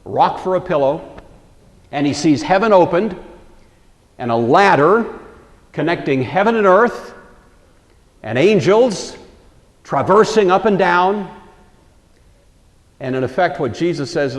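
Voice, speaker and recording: A man's voice: sits high, lively intonation, a little slow, long pauses, in a large hall. A man teaching a Bible lecture in a conversational storytelling way, acting out the quoted lines.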